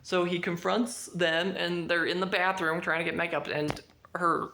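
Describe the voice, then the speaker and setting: A woman talking through a book review in a casual, chatty vlog, acting out the dialogue with sudden jumps in pitch. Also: level tone, moderate pace, bright, forceful tone.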